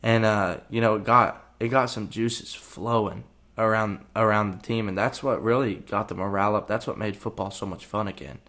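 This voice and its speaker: A young man, a college football player, telling a story on his podcast in a relaxed, rambling way, full of fillers. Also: fairly low pitch, moderate pace, hardly any pauses. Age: young adult. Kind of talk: casual storytelling.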